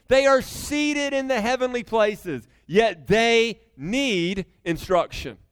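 A man's voice: extremely high pitch, clear, resonant tone. A middle-aged man preaching a sermon, emphatic and conversational, often turning to the congregation with asides. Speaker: pastor.

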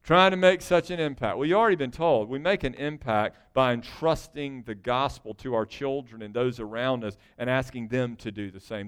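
A man preaching a sermon in a folksy, joking way, his voice swinging between loud bursts and hushed asides. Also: mid-range voice, clear, resonant tone. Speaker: pastor.

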